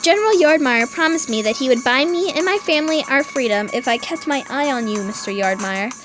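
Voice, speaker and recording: A woman's voice: high-pitched, animated, brisk, over music. A woman voicing an apologetic woman servant who justifies her betrayal in a pleading way. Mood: justifying.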